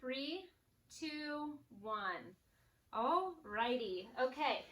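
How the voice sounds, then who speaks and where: Coaching a home workout while exercising, a woman fitness instructor speaks in a high, sing-song, slightly bright voice at an extremely slow pace. She's upbeat, a little out of breath, counting reps down and cueing form; the sound is echoey, distant-miked, and faintly noisy.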